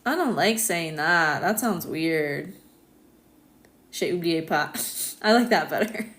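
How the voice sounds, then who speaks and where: An American woman hosts a relaxed live stream from home, chatting with viewers at a slow, unhurried pace. She laughs easily and keeps the talk loose, and she sounds like she is speaking into her phone. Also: fairly low pitch. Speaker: astrologer hosting a live stream. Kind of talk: casual live-stream chat reading comments.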